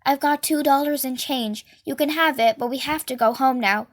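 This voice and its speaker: A woman's voice: high voice, moderate pace, no room sound, natural voice. Casting: fussy, formal little boy, nervous, read by a woman. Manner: overly polite, formal wording.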